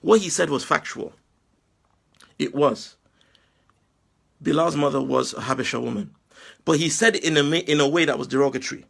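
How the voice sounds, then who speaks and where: A Nigerian man giving a forceful, preachy monologue full of rhetorical questions. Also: fairly high pitch, normal speed, creaky, pauses often, husky. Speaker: Muslim commentator. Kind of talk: impassioned video monologue.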